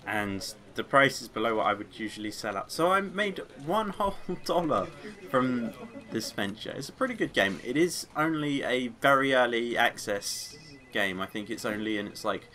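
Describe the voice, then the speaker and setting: A man gives offhand let's play commentary in a bright, forceful voice, pitched in an ordinary middle register. He talks casually and rambles, drifting from the game into side topics before pulling himself back. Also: lively intonation, normal speed. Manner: rambling, chatty, easily sidetracked; sings along to music. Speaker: gaming video creator.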